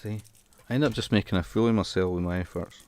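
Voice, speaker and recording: A man's voice: lowish voice, fast talker, darkish tone. A man chatting casually on a live stream, reading out comments and joking at his own expense. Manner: jokey, laughs at his own attempts at accents.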